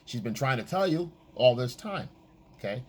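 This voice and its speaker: A man coaching on dating in a casual, profane monologue, acting out quoted lines in a high voice. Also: expressive, normal speed, slightly rough.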